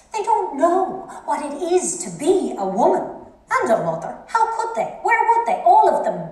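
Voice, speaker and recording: An actress playing a frank, earthy middle-aged wife musing aloud in bed, wry and chatty. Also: female voice, a little mellow. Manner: chatty, wry, swinging pitch. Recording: very echoey hall.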